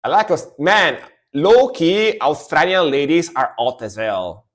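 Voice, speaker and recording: A man's voice: a little high, animated, a little slow, a bit bright. A man, chatting casually and rambling as he reacts to music on a live stream. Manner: chatty, rambling, lots of fillers.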